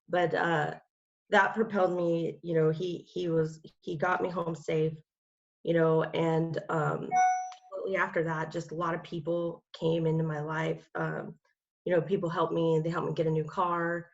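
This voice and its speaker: A woman's voice: low-pitched, flat delivery, a little slow, creaky, muffled recording. A woman, a guest in an interview, sharing a personal testimony in a rambling way with many fillers and restarts.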